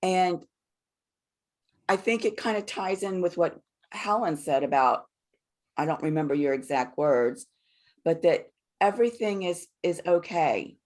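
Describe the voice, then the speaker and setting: A woman hosting a spiritual group on a video call, soft-spoken and reassuring. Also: fairly low pitch, expressive, measured pace. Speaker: host of a spiritual group session. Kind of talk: calm group facilitation.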